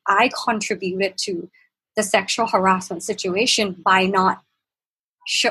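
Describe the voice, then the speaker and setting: Breathy young woman with a Thai accent. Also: mid-range voice, a bit bright, poor audio. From Thailand. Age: young adult. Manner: earnest, reflective, searching for words. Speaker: podcast guest. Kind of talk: personal storytelling in a conversation.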